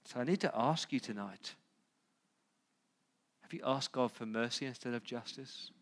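A man who is a pastor preaching a sermon, building through loud repeated lists and pleading directly with his listeners. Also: mid-range voice, normal speed, long pauses.

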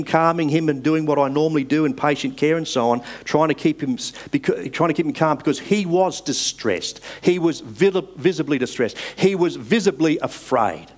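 A man preaching a sermon in an earnest, measured way, rising for emphasis and dropping soft at the ends of phrases. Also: a little high.

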